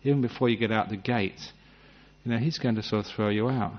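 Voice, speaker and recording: Gentle low-voiced man giving a dharma talk. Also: steady tone, fairly quick. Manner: gentle, humorous, acts out little scenes. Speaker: meditation teacher. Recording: dull lo-fi recording.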